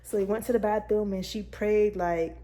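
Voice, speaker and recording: Mellow-voiced young woman telling a story. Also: mid-range voice, fairly even intonation, moderate pace. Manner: chatty and candid, talks straight to viewers. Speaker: vlogger. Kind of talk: casual personal storytelling to camera.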